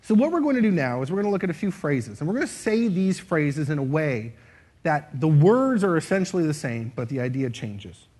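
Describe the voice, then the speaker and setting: A playful man leads a live audience through a speaking exercise, his voice a little husky. His pitch swings widely as he acts out lines in different tones. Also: big pitch swings, fairly quick, darkish tone. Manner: playful, demonstrative, shifts voice to show expression. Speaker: speaker leading an audience activity. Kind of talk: interactive stage talk. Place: stage before a live audience.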